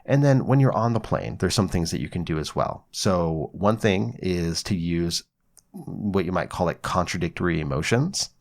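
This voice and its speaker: A man hosting a psychology podcast, giving relaxed, conversational advice with casual swearing and acted-out examples. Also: sits low, moderate pace, creaky.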